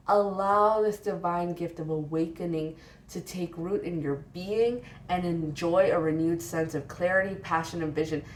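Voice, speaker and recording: A woman giving a casual pick-a-card tarot reading, playful and affectionate, teasingly scolding the cards as she reads their texts aloud and riffs on them. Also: on the low side. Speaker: tarot reader.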